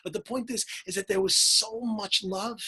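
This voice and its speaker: A man teaching a Torah class as a rabbi, animated and acting out voices, with Spanish words dropped in. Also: high voice, moderate pace, breathy edge.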